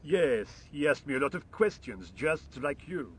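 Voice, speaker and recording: A man's voice: a little high, very animated, a little slow, a little hiss or hum. An actor playing a lazy, indifferent workman with a French accent, speaking in a dry, languid, sarcastic way in a video game.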